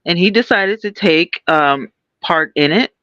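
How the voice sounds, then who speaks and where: A woman's voice: on the low side, a little slow, fairly bright tone, no room sound. Female co-host, candid and personal, dry slightly muffled recording. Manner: candid, personal, many fillers. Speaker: podcast co-host. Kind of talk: casual podcast talk.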